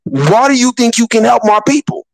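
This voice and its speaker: A man's voice: extremely high pitch, animated, normal speed, creaky, no room sound, poor audio. A man, giving impassioned, preachy political commentary on a podcast, full of rhetorical questions. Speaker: podcast co-host.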